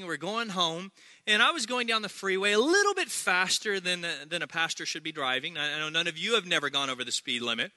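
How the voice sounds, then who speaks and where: A male pastor delivers a lively, joking sermon. His voice sits high and rings very bright and sharp, recorded close and dry. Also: no echo. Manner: energetic, humorous preaching with repeated phrases.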